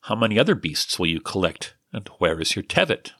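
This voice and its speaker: Earnest messenger, read by a deep-voiced male narrator, businesslike and direct, storybook dialogue. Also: big pitch swings, a little fast, bright, forceful tone, husky, no room sound, exaggerated voice. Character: earnest young man, breathless messenger.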